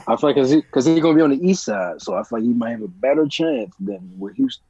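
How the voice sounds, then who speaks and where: A man's voice: medium pitch, big pitch swings, fast, vocal fry, mellow, highs cut off. A man co-hosting a casual sports podcast, hesitant, opening his points with "I mean" and "I feel like". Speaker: podcast co-host.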